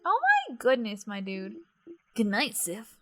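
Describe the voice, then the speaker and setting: A woman's voice: medium pitch, expressive, a little slow. A woman hosting a game playthrough, chatting and reading the game text aloud. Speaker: let's play host.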